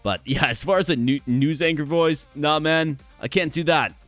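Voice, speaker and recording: A man with a hoarse voice, chatting energetically with viewers during a live stream. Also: on the high side, moderate pace, a bit bright, no echo, faint music behind.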